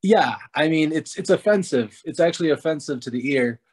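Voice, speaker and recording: Laughing man with a slightly high voice. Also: expressive, brisk, a little mellow, slightly rough. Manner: laughing, self-mocking anecdotes. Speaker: presenter. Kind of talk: casual storytelling talk.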